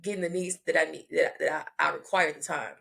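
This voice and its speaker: Low, gravelly-voiced woman talking reflectively. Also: fairly even intonation, fairly bright tone. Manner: reflective, halting, with many restarts. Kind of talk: casual conversation.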